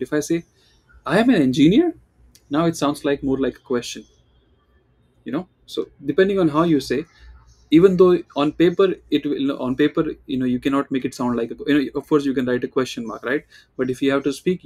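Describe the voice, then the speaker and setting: A man's voice: mid-range voice, darkish tone. A man teaching German, explaining step by step and often checking in with "right?", repeating example phrases in different tones. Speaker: German tutor. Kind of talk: online language lesson.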